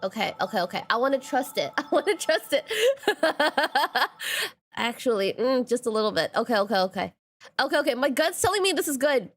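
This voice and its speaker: A young woman streaming a game, chatting casually and quickly, bubbly and repeating her phrases as she talks to her viewers. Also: sits high, big pitch swings.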